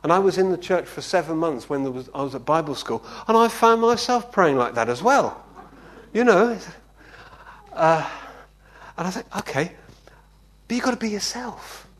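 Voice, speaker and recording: Speaking at a moderate pace in a high-pitched voice, this man delivers a sermon in a conversational style. He tells stories with animation and keeps checking in with the congregation, often saying "yeah?"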